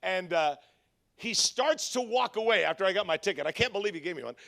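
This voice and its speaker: A man's voice: high-pitched, animated, brisk, vocal fry, fairly bright tone. A man preaching at a church leadership conference, telling humorous stories and acting out the voices of the people in them. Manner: humorous storytelling with quoted voices. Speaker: pastor. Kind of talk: conference sermon.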